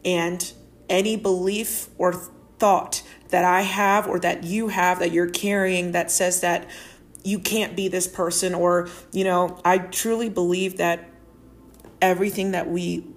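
A woman's voice: lowish voice, little pitch movement, measured pace. A woman hosting a solo podcast, talking earnestly in a rambling way with many fillers, emotional and tearing up while she laughs. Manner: emotional, tearful and laughing at once. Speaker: podcast host.

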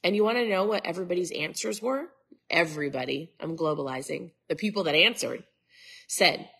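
A woman's voice: lowish voice, animated, fairly quick, fairly bright tone, breathy edge. A middle-aged woman from Minnesota hosting a casual live stream, chatting with viewers, greeting them by name and wandering into asides, with a stuffed-up nose. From Minnesota, USA. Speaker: host.

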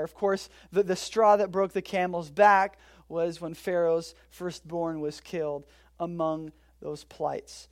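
Casting: relaxed preacher, mid-range voice, jokey storytelling sermon with big loud-to-soft swings. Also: medium pitch, unhurried. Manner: casual, joking storytelling with sudden swings between loud and quiet. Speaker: pastor. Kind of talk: conversational sermon.

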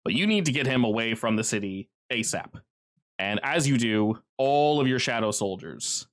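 A man's voice: medium pitch, animated, moderate pace. A man running a tabletop game as game master, telling the scenes in a casual, vivid way with many fillers.

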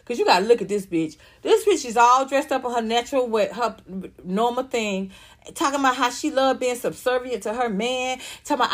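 A woman hosts a casual celebrity gossip show. Her voice sits a little high. She is brash and profane and tells her stories in a loud, animated way. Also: moderate pace. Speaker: channel host.

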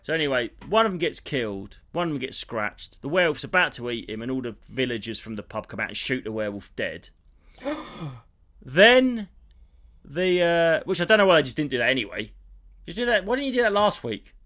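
A man on a podcast, retelling a film in a sweary, animated, rambling way. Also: medium pitch, a little fast. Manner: animated, sweary storytelling with restarts. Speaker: podcast co-host. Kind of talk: casual comedic chat.

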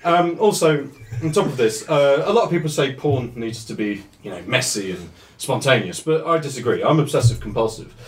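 A man hosting a comedy podcast, rambling through an improvised pitch in a deadpan way. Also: fairly quick, echoey room, slight background noise. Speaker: podcast host.

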